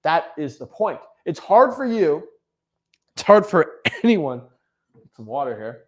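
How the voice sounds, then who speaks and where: A young man giving casual motivational advice as a real estate coach, animated, often repeating and restarting words. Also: on the high side, measured pace. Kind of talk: casual motivational vlog talk.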